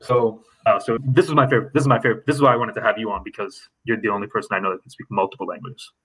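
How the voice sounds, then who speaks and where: A man's voice: lowish voice, fairly even intonation, racing, fairly bright tone, breathy edge, poor audio. A man hosting a podcast interview, talking loosely with plenty of fillers. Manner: loose, rambling, heavy on fillers. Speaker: podcast host. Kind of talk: casual interview chat.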